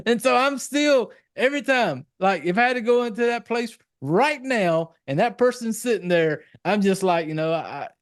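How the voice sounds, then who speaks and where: Southern man with a drawl, slightly high voice. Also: lively intonation, normal speed, clean tone, dry recording, studio quality. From South Carolina. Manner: profane, rambling storyteller with a country drawl. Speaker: podcast co-host. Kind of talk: casual chat.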